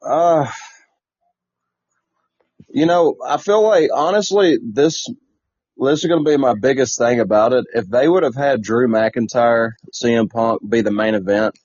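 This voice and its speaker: A man co-hosts a wrestling podcast, joking and opinionated as he hands out ratings. His voice is medium in pitch. The sound is dry and dull, like a cheap home mic. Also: a little slow, darkish tone, no room sound. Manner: joking, opinionated, laughs at own hot takes. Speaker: podcast co-host. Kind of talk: casual wrestling chat.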